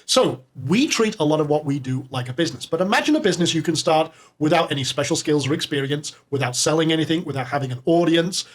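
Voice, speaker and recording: A man hosting a live online webinar, upbeat and salesy, reading names from the chat and pitching to viewers. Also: animated, fast, hardly any pauses. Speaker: webinar host.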